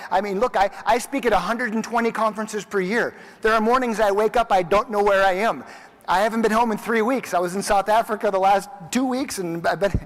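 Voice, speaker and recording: A man in his forties delivering a motivational keynote, telling stories with lively energy and acting out the people in them. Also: sits high. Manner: animated storyteller who acts out quoted dialogue. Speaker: keynote speaker. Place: large conference hall. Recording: long reverb of a big conference hall.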